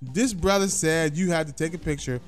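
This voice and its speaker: A man co-hosting a podcast in casual chat, animated and stammering, repeating his words. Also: fairly high pitch, a little fast, soft background music. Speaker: podcast co-host.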